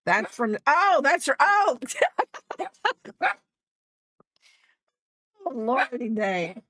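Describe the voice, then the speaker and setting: A woman chats slowly while she crochets on a livestream, her pitch swooping up and down as she rambles. She pokes fun at herself, laughs often and talks to both her viewers and her dog. Her voice sounds dry and close, with no room around it. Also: sing-song, a bit bright, no echo. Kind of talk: casual chat while crafting on a livestream.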